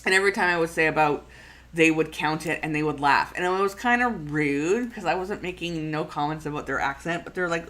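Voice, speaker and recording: A woman's voice: low-pitched, fairly quick, a bit bright. A middle-aged Canadian woman with a Canadian accent, hosting a planning livestream in a casual, rambling chat full of fillers and restarts.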